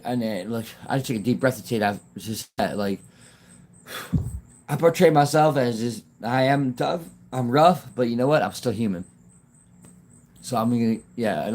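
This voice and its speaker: This is a man talking off the cuff to viewers of his livestream on his phone. His speech rambles and halts, with many phrases left unfinished, and he laughs often. His voice sits at an ordinary pitch for a man. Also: moderate pace, a little mellow. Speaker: YouTube livestreamer. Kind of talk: casual livestream chat.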